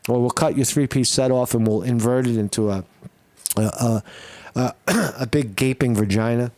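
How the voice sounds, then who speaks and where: A man hosting a political commentary show, ranting bluntly and profanely with many halting restarts. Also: mid-range voice, darkish tone, no room sound.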